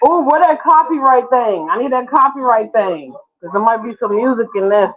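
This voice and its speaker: A woman's voice: on the high side, moderate pace. A woman hosting a casual live stream, chatty and playful, laughing often between remarks. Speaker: livestream host. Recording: tinny phone-like sound.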